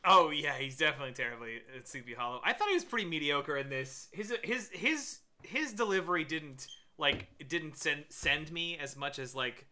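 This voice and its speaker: A man co-hosts a casual podcast with a slightly high, bright and tense voice. He halts and restarts often as he searches for words. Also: lively intonation, normal speed, few pauses. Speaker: podcast co-host.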